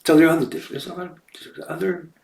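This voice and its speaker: A man's voice: on the high side, steady tone, fast, gravelly, darkish tone, reverberant, far from the mic, poor audio. A man hosting a casual monologue, meandering and often correcting himself. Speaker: host. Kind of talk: casual talk to camera.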